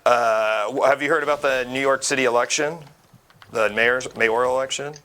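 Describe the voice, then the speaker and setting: A young man hosting a casual live-stream talk show while gaming, talking in halting, rambling bursts with many restarts. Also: medium pitch, steady tone, bright, forceful tone.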